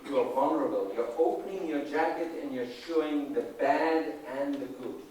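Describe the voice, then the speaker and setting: A man delivers a conference talk in an animated, emphatic way, often pausing to check in with the audience. His fairly high voice carries from a distance across a very echoey hall, with faint ambience behind him. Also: slight background noise. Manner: energetic, emphatic, conversational with audience check-ins. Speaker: conference speaker, leadership trainer.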